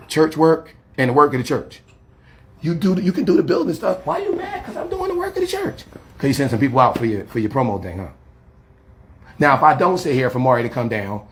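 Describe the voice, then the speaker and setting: A man, a street preacher arguing defensively outdoors by a church, talking fast and repeating himself, filmed on a handheld phone. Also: medium pitch, slight background noise. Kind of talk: heated confrontational street talk. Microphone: handheld phone camera.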